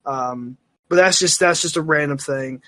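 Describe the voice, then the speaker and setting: Bright, high-voiced rambling podcast man. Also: moderate pace, dry recording. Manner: rambling, full of fillers and restarts; animated, self-mocking storyteller. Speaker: podcast co-host. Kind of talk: casual chat.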